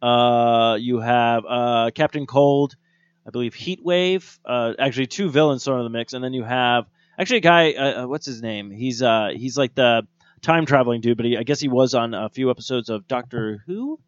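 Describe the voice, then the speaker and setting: A man co-hosting a casual chat, talking excitedly and rambling, swearing freely. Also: mid-range voice, normal speed, clear, resonant tone, dry recording. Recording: dull lo-fi dry sound.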